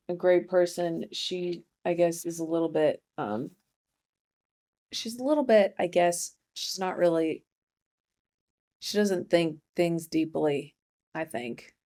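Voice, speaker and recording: A young woman, her pitch fairly low, delivers a rambling, casual monologue as host of a comedy podcast. Deadpan asides and frequent interruptions of herself run throughout.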